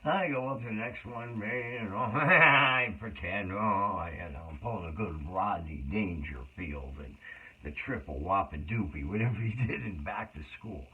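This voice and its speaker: A man's voice: fairly low pitch, animated, normal speed, slightly rough. A middle-aged man telling his life story in a rambling monologue that jumps between tangents. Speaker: autobiographical monologue speaker. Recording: tinny phone-like audio.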